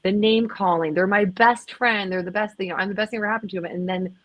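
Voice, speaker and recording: A woman's voice: medium pitch, steady tone, fast, no room sound. A woman speaking as a podcast guest in candid, emphatic conversation, swearing now and then and restarting her sentences.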